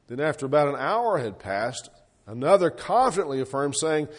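Male pastor, slightly high voice, preaching with rhetorical questions. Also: sing-song, normal speed. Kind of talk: sermon.

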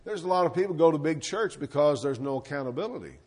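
A man's voice: on the high side, expressive, fast talker, darkish tone. A man preaching a sermon, asking the congregation rhetorical questions and letting his voice rise and fall. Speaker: pastor.

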